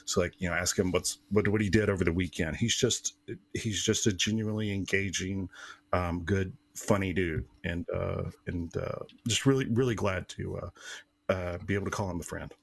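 Man, podcast guest, casual rambling storyteller, deep voice, dry close sound. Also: gravelly, no room sound. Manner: rambling storyteller, many fillers. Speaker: guest co-host, artist.

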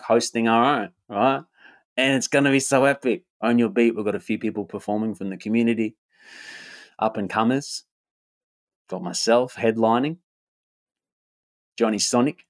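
A man talking about his upcoming event in an energetic, casual monologue, often repeating himself, swearing and tagging "right?" on his lines. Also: lowish voice. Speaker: event host and rapper.

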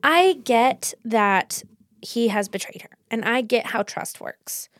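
A woman co-hosting a casual book podcast, talking in an animated, rambling way with quick restarts. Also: on the high side, dry recording, clean studio sound. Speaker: podcast co-host.

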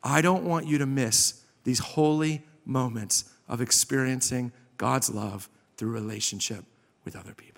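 A man preaching a sermon as pastor, impassioned, swinging from loud emphasis to a soft hush. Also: medium pitch, normal speed, creaky. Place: church sanctuary. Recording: long hall reverb.

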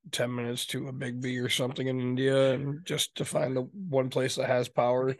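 A podcast co-host speaks at normal speed with a medium-pitched, flat delivery, recorded dry. In casual chat he tells stories and jokes, acting out both sides of a conversation.

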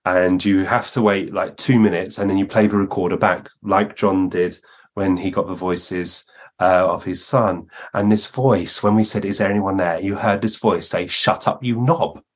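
A man, a guest medium, telling lively anecdotes in a podcast interview and acting out the voices he quotes. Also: sits low, normal speed.

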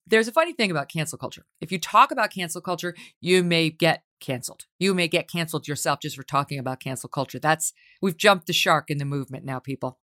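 Woman podcast host, low and sardonic, brisk punchy commentary, dry close sound. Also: a bit bright, no echo. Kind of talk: opinionated commentary.

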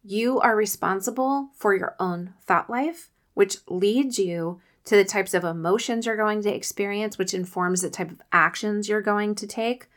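A woman's voice: medium pitch, moderate pace, few pauses, fairly bright tone. A woman in her forties hosting a podcast, giving earnest, faith-based coaching advice. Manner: earnest, coaching, often acts out quotes. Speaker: podcast host.

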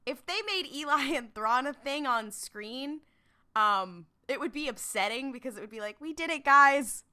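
Woman co-host, bright smooth voice, playful joking fan-chat delivery. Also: a little high, animated, normal speed. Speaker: podcast co-host.

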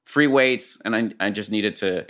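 A man's voice: on the low side, normal speed, fairly bright tone. A man, an actor and comedian, chatting casually as a podcast guest and telling a long rambling story with lots of restarts.

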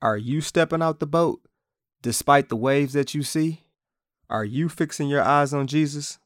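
A man's voice: a little high, normal speed, no room sound, clean studio sound. A man hosting a podcast, teaching from the Bible in a casual, conversational way and playfully acting out quotes.

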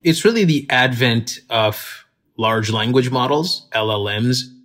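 A man's voice: mid-range voice, animated, slow, a bit bright. Conversational tech executive, male guest. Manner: conversational, explains with fillers. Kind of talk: interview answers.

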